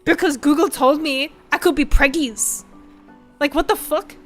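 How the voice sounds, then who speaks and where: High, bright-voiced young woman streamer. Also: measured pace, faint music behind. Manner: rambling, profane, frank, animated. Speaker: VTuber streamer. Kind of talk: casual chat stream.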